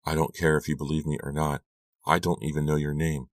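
A man doing a soft-spoken, sly teenage girl. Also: very deep voice, little pitch movement, brisk, no echo. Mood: pleading. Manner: soft, quiet and cold.

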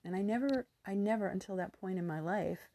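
A woman's voice: mid-range voice, fairly quick, mellow. A woman in her fifties with a youthful-sounding voice, telling a personal story candidly with rambling asides and restarts. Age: 50s.

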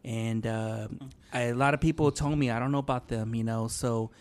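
A man, a podcast guest telling an animated story in casual chat and swearing a lot. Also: medium pitch, moderate pace.

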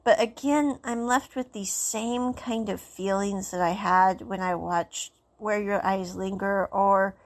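Rambling woman with vocal fry. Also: mid-range voice, steady tone, slow pace, hardly any pauses. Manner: rambling, keeps saying "so anyway". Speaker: drama reviewer. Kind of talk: casual plot recap and review.

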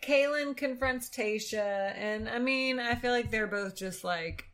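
A woman's voice: on the high side, measured pace, fairly bright tone. A young woman casually chatting as a podcast co-host, joking and filling her talk with "like" and "um.". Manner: chatty, joking, lots of fillers and "like". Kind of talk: casual chat recapping a reality TV episode.

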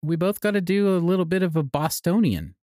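A woman co-hosting a comedy podcast, playing a quick, bossy mock therapist in improvised scenes. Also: fairly low pitch, expressive, warm tone, no room sound, clean studio sound. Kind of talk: improvised comedic role-play.

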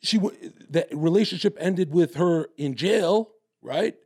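A man's voice: fairly high pitch, measured pace, a little mellow, breathy edge. A man talking in a brash, crude, swaggering way, telling stories in a casual chat. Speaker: guest.

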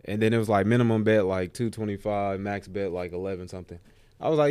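A man co-hosting a podcast, telling a story casually and animatedly, putting on high voices to mimic others. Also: fast, a little mellow, smooth, dry recording. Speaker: podcast co-host.

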